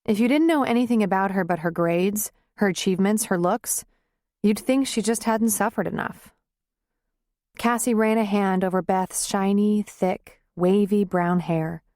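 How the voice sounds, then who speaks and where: Woman narrator for a romance audiobook, mid-pitched, measured, dry close sound. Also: a little mellow, no echo. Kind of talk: scripted narration.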